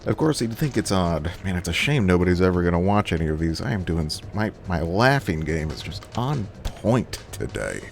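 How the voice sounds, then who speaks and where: Gravelly joking gamer man. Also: sits low, big pitch swings, a little fast, hardly any pauses, a little hiss or hum. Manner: joking, self-mocking asides. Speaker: let's-player. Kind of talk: casual gameplay commentary reading dialogue aloud.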